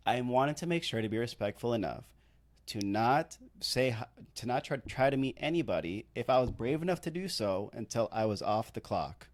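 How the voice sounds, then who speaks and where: A podcast co-host and wedding videographer in his thirties recounts a story at a moderate pace. His voice is medium-pitched and animated. He's chatty and rambling, self-deprecating, and uses "like" a great deal.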